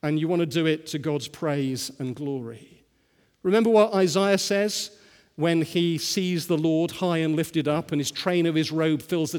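A male pastor preaching a sermon and telling stories, often asking the listeners rhetorical questions. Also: on the high side. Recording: long hall reverb.

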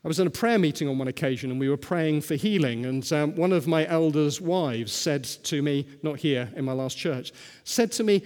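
Male pastor, high voice, storytelling sermon, rhetorical questions, long hall reverb. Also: animated, fairly quick, few pauses, a little mellow. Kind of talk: sermon with personal stories.

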